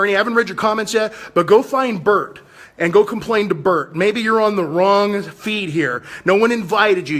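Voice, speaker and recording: Speaking with a high, somewhat bright voice, a fifty-something man from the United States runs a political livestream in a combative, fiery, sermon-like style.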